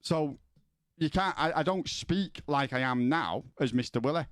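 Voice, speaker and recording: A man's voice: on the high side, moderate pace, dry recording, clean studio sound. Sweary man chatting on stream. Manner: sweary, rambling, repeats words when starting. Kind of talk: casual chat with viewers.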